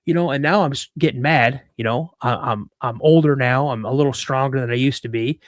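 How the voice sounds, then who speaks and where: A man in his fifties from Washington State, telling a personal story as a podcast guest, animated, acting out the voices in it and often repeating himself. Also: mid-range voice, a little fast, no room sound, studio quality. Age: 50s. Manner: repeats words and restarts mid-sentence. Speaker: guest, cryptid researcher.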